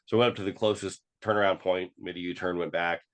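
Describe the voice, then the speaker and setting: A man's voice: low voice, fairly even intonation, quick pace. A man talking as a podcast guest, telling a personal story with many fillers and restarts and acting out quoted dialogue.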